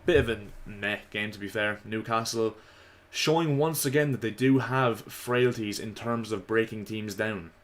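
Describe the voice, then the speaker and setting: A man giving casual, opinionated football commentary to his viewers, slightly hoarse. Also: on the low side, normal speed, hardly any pauses. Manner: chatty, opinionated, addresses viewers as lads. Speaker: football vlogger.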